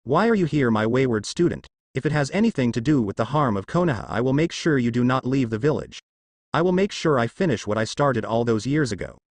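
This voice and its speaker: Stern old leader giving orders, commanding, bouncy pitch, read by a man. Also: big pitch swings, fairly quick, dry recording. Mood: brooding. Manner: authoritative, commanding.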